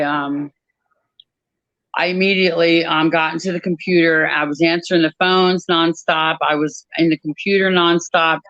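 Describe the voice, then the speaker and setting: A woman giving a personal testimony about her work at an airline crew desk, talking in a halting way with many pauses and restarts. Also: deep voice, a bit bright, no echo, lo-fi sound.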